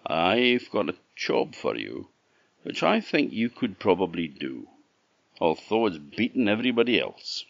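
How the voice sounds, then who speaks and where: Storybook king, big swoopy voice, gravelly, scottish guy doing it, muffled audio. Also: deep voice, very animated, measured pace, dry recording, full character voice. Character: curious, demanding storybook king.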